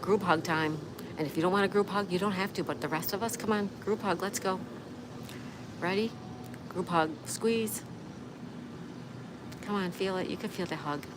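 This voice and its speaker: Hosting a laid-back livestream, this woman reads out comments from viewers and responds to them conversationally. Her voice is on the low side, her pace moderate, and she pauses often. Traffic passes over a constant background hum.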